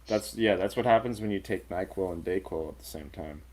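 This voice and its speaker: A man's voice: low voice, fairly quick, a little mellow, slight background noise. A man co-hosting a casual film review chat, rambling and swearing freely. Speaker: radio show co-host.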